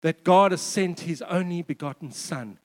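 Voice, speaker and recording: A man's voice: sits high, moderate pace, big-room sound. A man preaching a sermon in a conversational way, with joking asides and repeated words. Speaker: pastor.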